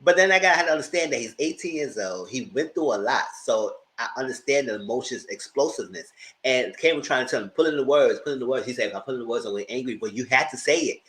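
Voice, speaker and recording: A man's voice: quick pace, low-quality recording. A man giving a casual, dramatic recap of a reality TV episode, acting out quotes and laughing often. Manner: animated storyteller, acts out quotes with high-pitched outbursts. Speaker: TV show reviewer.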